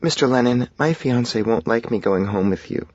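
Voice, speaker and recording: A man's voice: medium pitch, moderate pace, a little mellow, no echo, dull audio, pitched above the performer's own voice, close to an everyday voice. A man voicing a teasing young fiancée.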